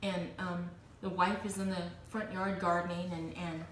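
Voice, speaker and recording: A woman's voice: fairly low pitch, normal speed. A woman co-hosting a casual chat show, telling stories with lots of laughter. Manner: chatty, laughing, animated storyteller. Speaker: co-host. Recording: echoey room, distant mic, noisy.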